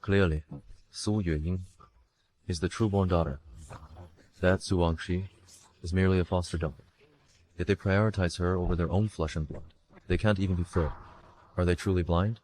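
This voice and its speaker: A man plays a solemn court official with a very low, deep voice. He speaks in an emphatic, judgmental way, in a dubbed period drama. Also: fairly even intonation, moderate pace, pauses often, a little mellow, natural voice. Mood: indignant.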